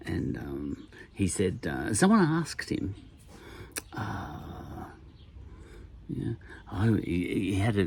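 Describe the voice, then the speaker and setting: An Australian man in his sixties speaks in a low, deeply gravelly voice. His pitch rises and falls with lively swings as he rambles through an offhand podcast monologue. He drops wry asides and chuckles as he goes. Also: a little hiss or hum. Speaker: podcast host.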